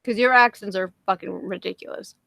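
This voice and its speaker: A woman's voice: medium pitch, brisk, creaky, fairly bright tone, no room sound. A woman hosting a livestream in casual chat, swearing a lot and laughing often. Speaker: livestream host.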